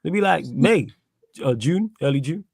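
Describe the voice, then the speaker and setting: A young Mancunian man with a gravelly, creaky edge to his voice, chatting casually about football in a loose, slangy way. His voice is close and dry, with no room sound around it. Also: a little high, lively intonation, normal speed, darkish tone, no echo. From Manchester, England. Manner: laid-back, laughs often, slangy. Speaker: podcast host.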